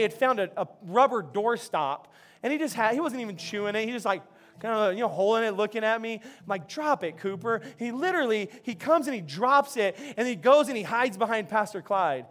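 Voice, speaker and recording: A man's voice: sits high, a bit bright. A male pastor preaching a sermon in a church, telling a story in a loose, conversational way with many restarts and repeated words.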